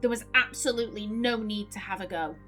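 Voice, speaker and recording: A woman's voice: mid-range voice, fairly quick, pushed and bright. A woman hosting a let's play, giving earnest, worried commentary on the story over faint game music.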